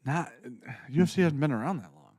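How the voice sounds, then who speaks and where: A man's voice: on the high side, expressive, brisk, a little mellow, dry recording, clean studio sound. Profane, argumentative male podcaster. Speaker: podcast co-host. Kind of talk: casual chat.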